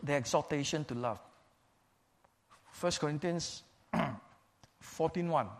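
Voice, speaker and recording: Man preaching an emphatic sermon. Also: a little high. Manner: measured, emphatic, repeats key phrases for stress.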